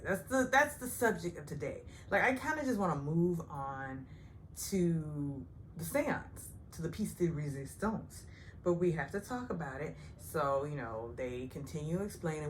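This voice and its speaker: Chatty, sarcastic woman with a lively voice. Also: a little hiss or hum. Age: older. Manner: chatty and sarcastic, acts out quotes in high voices. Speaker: recap host. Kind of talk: casual TV recap vlog.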